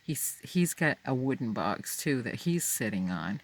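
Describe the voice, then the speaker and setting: A man telling a personal story aloud, unscripted, halting and full of fillers and restarts. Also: medium pitch, big pitch swings.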